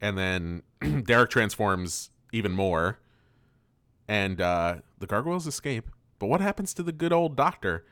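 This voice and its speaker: A man co-hosting a casual podcast, recapping a cartoon episode with frequent laughter and quick silly voices for the characters. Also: fairly low pitch, expressive, fairly bright tone, dry recording. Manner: laughs often, loose and profane, acts out lines in quick silly voices. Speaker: podcast co-host.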